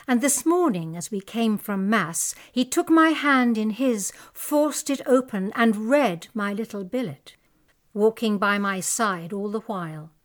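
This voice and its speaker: A woman's voice: mid-range voice, animated, measured pace, close to an everyday voice. A young woman playing a distressed young noblewoman, speaking with emotion in a dramatic audiobook reading. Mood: sorrowful. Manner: emotional, pleading and indignant.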